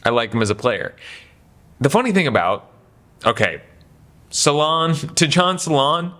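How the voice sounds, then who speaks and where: Young male sports YouTuber, rambling opinion talk, very animated delivery. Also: medium pitch, normal speed. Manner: animated, rambling, self-deprecating asides. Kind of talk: casual opinion monologue.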